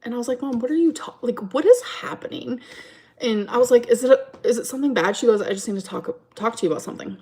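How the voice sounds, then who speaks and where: A woman's voice: a little high, fast, a little mellow. A woman streaming from home, chatting casually and rambling through a story time while answering her chat.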